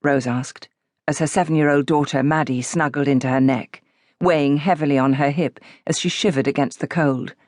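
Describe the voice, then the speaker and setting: Rich: A woman reads a novel aloud in a measured, even storytelling manner. Her voice sits low. The studio sound is close and dry, with no room around it. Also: no room sound. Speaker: audiobook narrator. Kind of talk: scripted audiobook narration.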